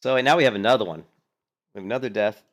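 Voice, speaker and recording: A man giving casual, rambling gaming commentary, animated, with lots of fillers and some swearing. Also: fairly low pitch, rapid-fire. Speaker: gaming streamer commentating on a hardcore game run.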